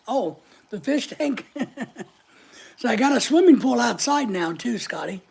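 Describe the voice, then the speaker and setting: A man's voice: extremely high pitch, lively intonation, unhurried, creaky, husky. A man hosting a casual live stream from home, joking with viewers and greeting them by name as he reads their comments.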